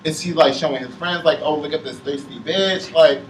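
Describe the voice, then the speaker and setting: Young man, emotional casual chat, halting, filler-heavy, roomy distant mic. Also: a little high, fairly even intonation. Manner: heavy use of "like", halting, on the verge of tears. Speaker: panelist. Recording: roomy sound from a distant mic with faint noise.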